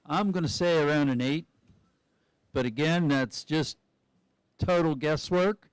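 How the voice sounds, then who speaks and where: A man calling a live sports event with a slightly high voice, talking through each run in a relaxed, chatty way. He speculates aloud about what the athletes might do next. His voice is close and dry, with no room sound. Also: unhurried, clear, resonant tone, no room sound. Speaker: commentator.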